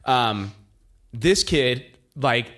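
Animated man telling stories with lively pitch. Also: drawn-out words. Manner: animated storyteller, laughs often. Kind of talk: casual chat.

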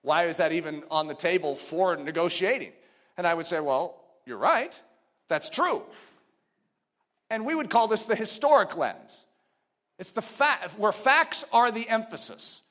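A man preaching a sermon, teaching step by step with rhetorical questions and building to emphatic, near-shouted exhortations. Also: high voice, moderate pace.

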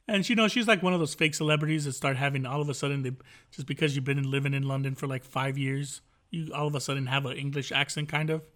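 A man's voice: fairly high pitch, a bit bright. A man co-hosting a podcast, chatting casually in a rambling, jokey and profane way. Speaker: podcast co-host.

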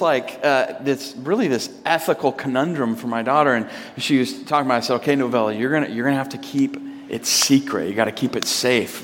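A pastor in his thirties talks through a personal story from the pulpit, loose and conversational, full of ums and false starts. His voice sits at an ordinary male pitch. It rings with the long reverb of a large church hall. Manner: casual, rambling, with many fillers and restarts. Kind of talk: storytelling sermon. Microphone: microphone.

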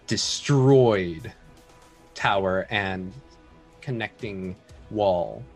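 A man running a tabletop game as dungeon master, describing scenes in a slow narrating voice and turning upbeat when chatting. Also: fairly low pitch.

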